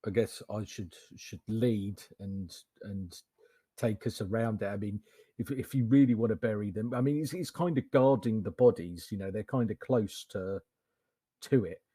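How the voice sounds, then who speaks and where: A low-pitched man with a husky voice chats as a tabletop game player. He talks hesitantly and repeats words as he thinks aloud. The sound is dry and close. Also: normal speed, dark tone, no echo. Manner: hesitant, repeats words, laughs while talking. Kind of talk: casual tabletop role-play chat.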